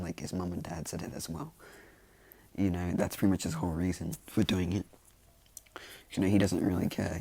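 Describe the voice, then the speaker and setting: A man's voice: low voice, creaky, dark tone, husky, dry recording. A man casually improvising a fan story, rambling with lots of fillers and self-corrections.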